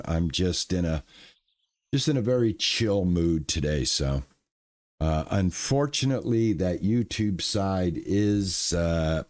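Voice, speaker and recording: A man chatting casually on a live stream, relaxed and thankful, with lots of fillers and restarts. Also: low voice, no echo.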